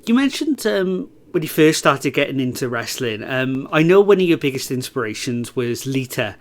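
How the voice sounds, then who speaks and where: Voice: medium pitch, sing-song, moderate pace. Podcast host asking questions. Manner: friendly, with many ums and short backchannels. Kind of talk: casual interview.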